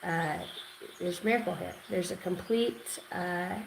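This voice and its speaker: A woman giving an intuitive tarot reading, rambling and excitable, repeating words and swearing now and then. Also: on the low side, unhurried, gravelly, slight background noise, poor audio. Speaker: tarot reader.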